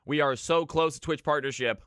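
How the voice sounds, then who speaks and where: Male esports shoutcaster and stream host, upbeat announcer energy, bright higher voice, dry close sound. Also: normal speed, smooth, no room sound. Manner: hype announcer, greets chat viewers by name. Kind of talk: live esports commentary.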